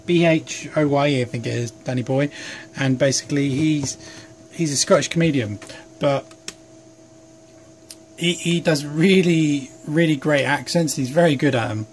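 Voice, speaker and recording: A man's voice: on the high side, moderate pace, pauses often, a little hiss or hum. A young man chatting casually and rambling while he works at his bench, recorded on a phone, a little sleep deprived. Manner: rambling, chatty, self-deprecating. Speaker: hobby craft vlogger. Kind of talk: casual chat while working. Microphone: phone camera.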